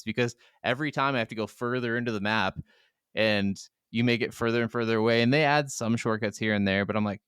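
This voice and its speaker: Male podcast co-host, laid-back and profane, smooth clear voice, dry close mic. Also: mid-range voice, quick pace, fairly bright tone, dry recording. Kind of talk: casual gaming podcast chat. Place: home setup.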